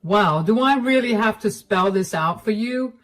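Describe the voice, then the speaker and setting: A woman's voice: medium pitch, lively intonation, unhurried, a bit bright. A woman voicing a cold, dismissive middle-aged husband who talks down to his wife curtly. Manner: condescending, curt and dismissive. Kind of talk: storytelling dialogue.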